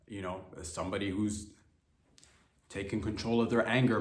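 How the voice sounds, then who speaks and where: A man hosting a comedy podcast, rambling through a loose monologue, cursing freely and jumping into mock voices and loud outbursts. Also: on the low side, fairly even intonation, normal speed, reverberant.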